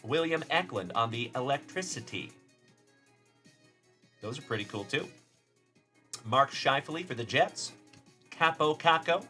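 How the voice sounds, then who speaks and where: A man from Texas runs a casual live stream of card pack openings, calling out players and thanking viewers by name. His voice is bright and forceful, with mid-range pitch. Faint music plays behind him. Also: expressive, unhurried, long pauses. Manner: upbeat, shouting out chat viewers by name. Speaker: card-breaking livestream host.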